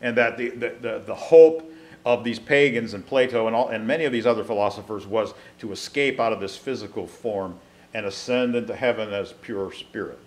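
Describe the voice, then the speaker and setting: A man's voice: lowish voice, a little fast. Man teaching a Bible class. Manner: explanatory, reads scripture aloud then comments, frequent restarts.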